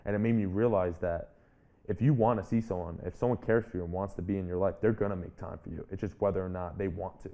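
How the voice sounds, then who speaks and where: The recording is lo-fi. A man in his twenties, guest on an interview and a public speaker and author, talks fast in a low, steady, dark-toned voice, earnestly reflecting on his own story while often starting phrases over.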